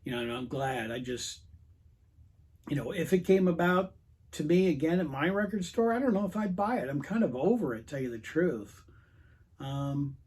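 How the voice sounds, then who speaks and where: A man's voice: on the high side, dark tone, breathy edge. A man hosting his own record collecting channel, telling a rambling, frustrated story to camera with lots of quoted dialogue. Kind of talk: casual rant to camera.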